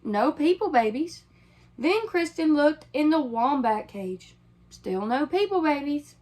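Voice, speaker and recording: A woman reading a children's picture book aloud, pausing to ask her listeners questions. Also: sits high, big pitch swings, a little mellow, poor audio.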